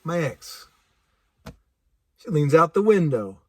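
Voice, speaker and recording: Animated man telling a story. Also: on the high side, slow pace, dry recording, studio quality. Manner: animated, laughing, vivid sound effects. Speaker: speaker. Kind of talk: casual storytelling.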